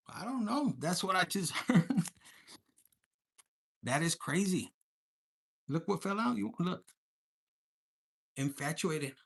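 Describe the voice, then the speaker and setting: In a relaxed collective tarot reading, the reader talks with energy and doesn't mince words, swearing and slipping into Spanish now and then. The voice sits at medium pitch and sounds gravelly and husky.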